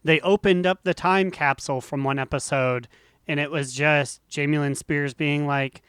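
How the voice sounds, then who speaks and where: A man co-hosting a casual gaming podcast, making deadpan absurd jokes. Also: mid-range voice, normal speed, clear, resonant tone, no room sound, studio quality. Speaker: podcast co-host. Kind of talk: casual chat.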